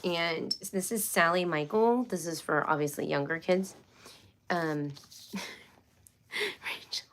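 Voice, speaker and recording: A woman's voice: on the low side, measured pace, slight background noise. Chatty, rambling woman streaming live. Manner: chatty, rambling with many fillers and restarts. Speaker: homeschool livestream host. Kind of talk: casual live-stream chat.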